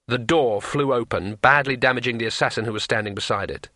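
A man reading a fantasy audiobook in a measured, unhurried way. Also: mid-range voice, sharp tone, dry recording, studio quality. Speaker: narrator.

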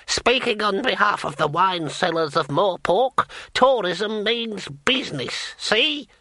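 A man voicing a shrill, cackling old bearded wine seller. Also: lively intonation, slow, pushed and bright, no echo, heavily acted. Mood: gleeful.

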